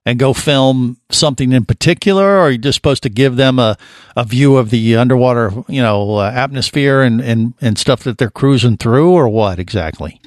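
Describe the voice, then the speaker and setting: A man's voice: mid-range voice, normal speed, no echo. Man, radio host, casual interview, rambling with fillers, dry close sound. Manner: chatty, rambling questions with fillers.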